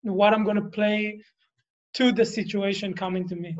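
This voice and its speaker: Man chatting in a group, high voice, hesitant, lots of fillers, dull muffled sound. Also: steady tone, moderate pace. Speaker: workshop participant. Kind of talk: casual chat.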